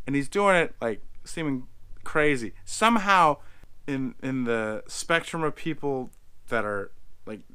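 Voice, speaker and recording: Young male reviewer, casual solo recap, crisp and forceful, mimics characters. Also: mid-range voice, unhurried. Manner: animated, chatty, acts out characters' lines. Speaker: video reviewer.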